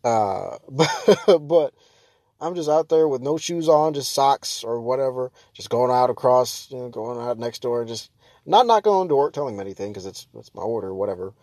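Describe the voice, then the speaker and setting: A young man in a casual vlog rant, talking fast and loose with lots of fillers and restarts. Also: medium pitch, lively intonation, dry recording. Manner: ranting, exasperated, jumps to loud mock shouts.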